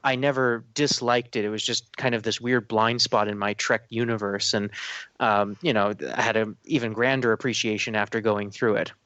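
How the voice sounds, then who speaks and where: A man's voice: lowish voice, steady tone, moderate pace, a bit bright, dry recording. Irish man, podcast host, casual chat, self-deprecating, dry close sound, dull audio.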